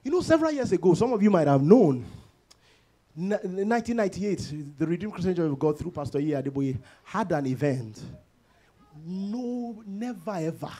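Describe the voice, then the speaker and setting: A man preaching a church sermon, moving from calm teaching into shouted, sing-song declarations. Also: high voice, normal speed. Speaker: pastor. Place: church service.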